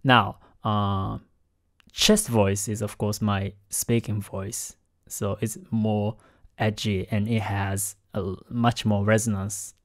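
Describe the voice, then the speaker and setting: A man hosting a lesson on singing technique, explaining in a careful, halting way and keeping his voice down because it is late at night. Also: lowish voice, flat delivery, no echo, clean studio sound. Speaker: host analyzing singing technique. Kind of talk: explanatory commentary.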